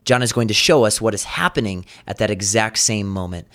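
A man's voice: on the low side, animated, a little fast, fairly bright tone. A man preaching a sermon, retelling a scripture passage vividly and earnestly. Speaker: pastor.

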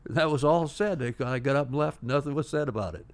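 An older man, a retired pitcher, telling long anecdotes in a casual interview, with many restarts and "uh" fillers. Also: fast talker, hardly any pauses.

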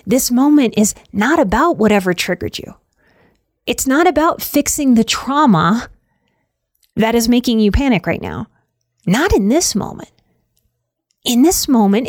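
A woman's voice: on the high side, darkish tone, dry recording. Soothing woman with a dry close sound. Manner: slow, soothing, emphatic repetition. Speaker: self-help speaker on anxiety. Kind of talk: self-help talk.

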